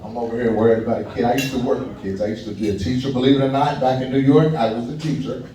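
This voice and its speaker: Speaking very fast in a steady, warm, medium-pitched voice, this Kentucky man works a small comedy club with a casual stand-up routine. He banters with the audience and cracks himself up along the way. The recording picks him up from afar in an echoey space.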